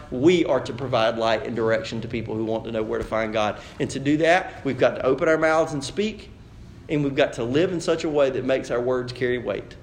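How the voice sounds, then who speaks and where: Pastor preaching in an echoey hall. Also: male voice, fairly high pitch, a little hiss or hum. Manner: conversational preaching, builds to loud animated emphasis. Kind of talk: sermon.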